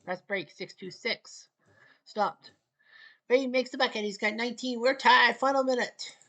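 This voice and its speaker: Clipped play-by-play woman from Canada. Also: a little high. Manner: clipped, rapid calls, wry asides, rising excitement near the end. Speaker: play-by-play commentator. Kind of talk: casual solo play-by-play of a basketball video game.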